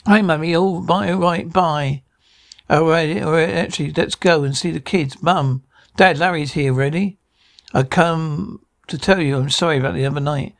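A man's voice: on the high side, moderate pace, creaky. A man acting out every part of a sitcom scene alone, in a bickering, flustered comic delivery full of stammers and restarts.

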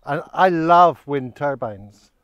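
A fairly high-voiced man talking his way through a country walk, rambling and self-deprecating as he goes. He sounds a little out of breath on the inclines, speaking into a camera mic outdoors, and the sound is dry and close. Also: takes it slowly, fairly bright tone, clean tone, dry recording, lo-fi sound. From Scotland. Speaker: vlogger on a countryside hike. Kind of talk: casual walking vlog narration. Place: outdoors in open countryside, fields and hills.

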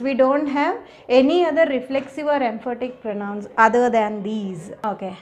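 A woman's voice: fairly high pitch, a little hiss or hum. A woman teaching a grammar lesson, explaining patiently step by step and often checking in with her students. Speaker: English teacher.

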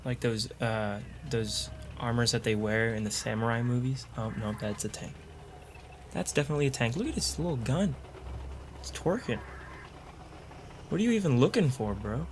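A man's voice: medium pitch, normal speed, pauses often, slight background noise. A man giving joking, sarcastic commentary while playing a video game, with audible mouth clicks. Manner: joking, sarcastic running remarks. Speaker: gaming video creator.

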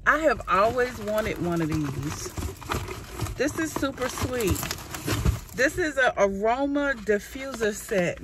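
Woman vlogger, slow excitable chatter, a bit high-pitched, noisy recording. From Georgia, US. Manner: excitable and chatty, says "y'all". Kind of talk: casual vlog chat. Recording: noisy background.

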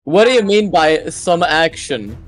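A man on voice chat asking a gaming friend slow, teasing questions. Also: fairly high pitch, sing-song. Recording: echoey with long reverb.

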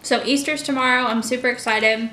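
A woman's voice: fairly high pitch, steady tone, a little fast, pushed and bright, echoey room, a little hiss or hum. A young woman chatting casually to her viewers in a mukbang vlog, full of fillers like "like" and "you know". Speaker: vlogger. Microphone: camera mic.

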